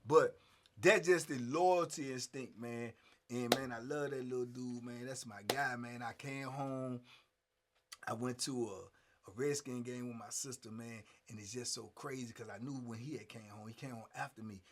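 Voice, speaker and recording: A middle-aged man, telling prison stories in a casual, animated way and acting out what others said. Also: mid-range voice, moderate pace. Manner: animated, acts out quotes, frequent "man". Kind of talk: casual storytelling.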